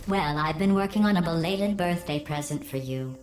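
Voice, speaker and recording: An actress voicing a sarcastic, cruel female AI computer in a video game, speaking in a deadpan, mocking, coldly polite way through a synthetic robotic filter. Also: low-pitched, moderate pace. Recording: echoey game audio with ambient hum.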